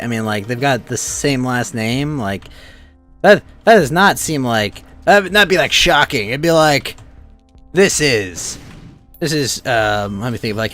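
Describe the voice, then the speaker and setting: A man hosting a stream, chatting casually in animated, rambling rants full of swearing. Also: mid-range voice. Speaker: streamer host. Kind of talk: casual chat.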